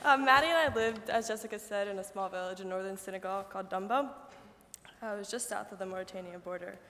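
A woman's voice: medium pitch, fast talker, pushed and bright. A young woman, a student, presenting her trip in a casual talk with fillers. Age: young adult. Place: large hall. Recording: roomy hall recording with reverb.

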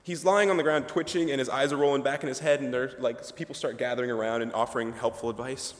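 A man's voice: medium pitch, fairly even intonation, fast. A young man, a ministry student, giving a humorous, chatty chapel talk, full of asides and fillers. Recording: reverberant chapel hall.

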